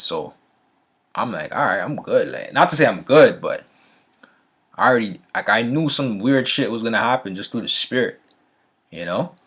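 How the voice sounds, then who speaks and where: Laid-back man telling a story, slightly low voice. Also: fairly bright tone, breathy edge. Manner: loose and conversational, checks in with the listener often; frequent fillers and restarts, a laugh now and then. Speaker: vlogger. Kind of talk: casual storytelling.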